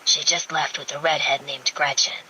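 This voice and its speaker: A woman's voice: low-pitched, level tone, normal speed, sharp tone, slight background noise, poor audio. Woman voicing a brooding scarred billionaire.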